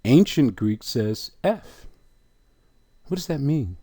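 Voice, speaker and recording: Male teacher walking through a letter chart, unhurried, mellow tone, lively pitch, dry close sound. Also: breathy edge, dry recording. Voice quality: slow, questioning, repeats sounds.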